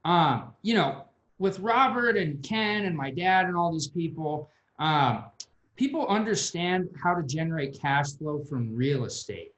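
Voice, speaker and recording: Lively man asking questions in an echoey room. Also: a little high, measured pace, highs cut off. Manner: asks long, searching questions with fillers. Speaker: interviewer. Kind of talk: interview questions.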